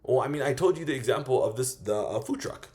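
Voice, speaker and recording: A man coaching small vendors in a loose, profane style, acting out quick sales pitches as he goes. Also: darkish tone. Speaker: business coach. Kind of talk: casual instructional monologue.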